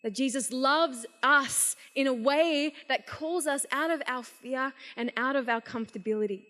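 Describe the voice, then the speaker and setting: A young woman giving a casual, energetic sermon to a youth conference. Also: high-pitched, normal speed. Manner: energetic, casual, animated storytelling. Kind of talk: live youth sermon storytelling. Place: large event hall. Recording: long reverb of a large hall.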